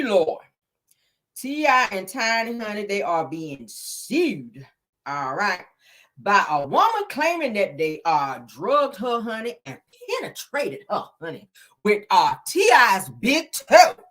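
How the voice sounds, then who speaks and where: A woman hosting a casual gossip commentary show, animated and laughing as she talks. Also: medium pitch, slow. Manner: animated, laughing, sprinkles "honey" and "child". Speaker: gossip channel host.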